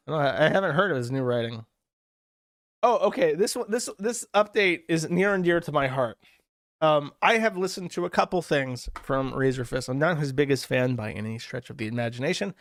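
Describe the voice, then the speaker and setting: A male streamer with a voice a bit higher than most men's, talking in a loose, sardonic way. His commentary rambles along, full of asides and fillers, and the sound is dry and close to the mic. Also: expressive, a little fast, dry recording. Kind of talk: casual commentary reading posts.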